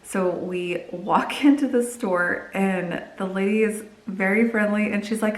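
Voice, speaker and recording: A young woman vlogger chatting casually to camera, telling stories in a lively way. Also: medium pitch, measured pace, hardly any pauses. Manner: chatty storytelling, lively when quoting. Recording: echoey room.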